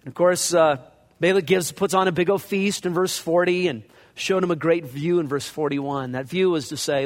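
Preacher with a fairly high voice, echoing hall. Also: male voice, moderate pace. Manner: conversational preaching that acts out scripture quotes. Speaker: pastor. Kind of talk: expository sermon. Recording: long reverb of a large hall.

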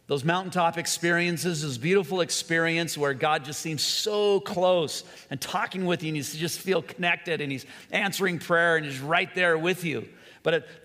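A man preaching a sermon, earnest and repetitive, sometimes dropping to a soft, quiet voice. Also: a little high. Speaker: pastor. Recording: long hall reverb.

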